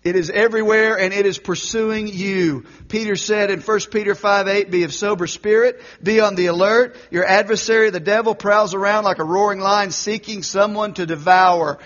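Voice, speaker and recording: High-voiced preacher, wide dynamic swings. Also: male voice, steady tone, moderate pace, hardly any pauses, lo-fi sound. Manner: preaching with big swings from loud exhortation to quiet intensity. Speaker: pastor. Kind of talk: sermon.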